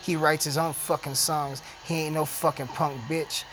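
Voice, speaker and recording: A man's voice: on the high side, flat delivery, normal speed, background noise. Foul-mouthed man ranting on his podcast. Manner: profane, heated, ranting. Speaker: podcast host. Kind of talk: casual podcast rant.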